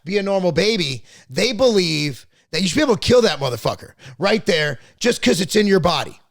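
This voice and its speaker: High, sing-song and gravelly, the man's voice runs fairly quickly in a dry studio recording. On his podcast he talks politics casually and at length, voicing blunt opinions with occasional profanity, rambling and often restarting or repeating words.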